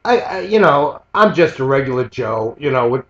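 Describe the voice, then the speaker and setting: An American man telling a story in a profane, animated rant, now and then mimicking the people in it. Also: mid-range voice, moderate pace. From United States. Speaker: vlogger. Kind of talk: ranting storytelling monologue. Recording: echoey, dull lo-fi sound.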